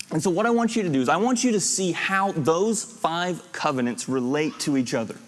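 Guy teaching a bible class, kinda high voice, explains and recaps, lots of hall echo. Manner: explanatory, recaps lists and repeats points. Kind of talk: classroom teaching with questions to students. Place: classroom or church hall with students. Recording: long reverb of a hall.

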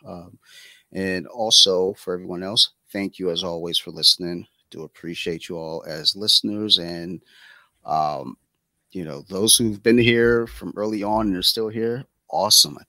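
Man, podcast host, very low voice, bright sharp tone, dry sound, rambling casual chat. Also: fairly even intonation, measured pace, no echo, rough recording. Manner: rambling with many fillers.

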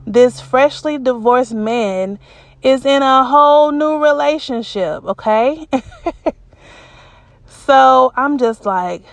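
Woman storyteller, gravelly low fry, unhurried delivery, candid casual chat with emotional repetitions. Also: no room sound. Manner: colloquial, says y'all.

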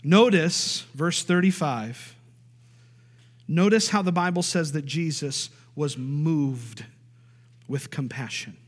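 A man preaching with a high-pitched, emphatic delivery, driving points home by repeating them and asking for amens. His voice rings out with the long reverb of a large church hall. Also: slow. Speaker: pastor. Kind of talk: sermon.

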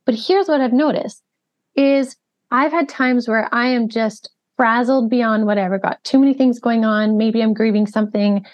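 A woman's voice: fairly high pitch, normal speed. A woman podcast host telling stories in a chatty way, full of fillers like "like" and "you know.". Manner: chatty storytelling with frequent fillers. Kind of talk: casual podcast conversation. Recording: muffled, dull lo-fi audio.

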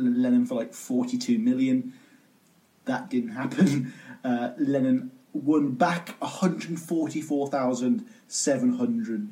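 A man's voice: medium pitch, dark tone. A man co-hosting a music podcast, chatting casually with wry joking asides. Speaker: podcast co-host.

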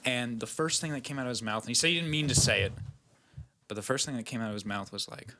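A man's voice: mid-range voice, fast, bright, forceful tone, slight background noise. A man casually retelling a story to friends, full of swearing and filler words. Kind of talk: casual group chat.

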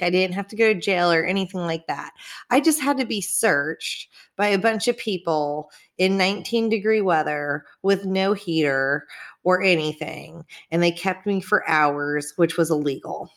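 A woman in her twenties telling candid personal stories in casual chat, swearing freely and acting out the people she quotes. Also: medium pitch. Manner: candid, swearing, laughing, acts out quoted dialogue.

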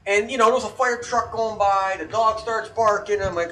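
A man co-hosting a casual chat, telling a story full of swearing and shouted outbursts. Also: high voice, fairly quick, recorded from a distance, a little hiss or hum. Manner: profane, animated storyteller, shouts quoted outbursts. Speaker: podcast co-host.

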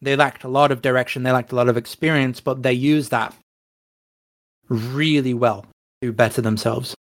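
A man's voice: mid-range voice, steady tone, normal speed. A man from England, an esports coach, answering interview questions in a frank, reflective, casual way.

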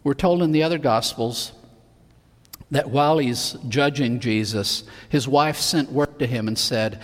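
A man preaching a sermon, acting out the Bible figures' lines with sudden swings between soft and loud. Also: mid-range voice, measured pace, long reverb tail.

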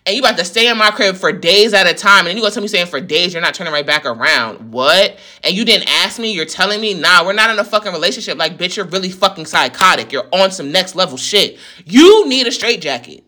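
A woman's voice: lowish voice, lively intonation, quick pace, few pauses, sharp tone. Fired-up New woman ranting. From New York. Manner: heated, profane, venting. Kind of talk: storytime rant to viewers.

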